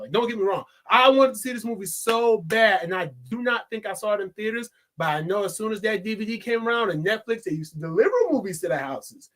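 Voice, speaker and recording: A young adult man talks to his viewers about a film in a high, light voice. He rambles, restarts his sentences and drifts into joking asides in a relaxed, casual way. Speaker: movie reviewer. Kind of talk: casual vlog monologue.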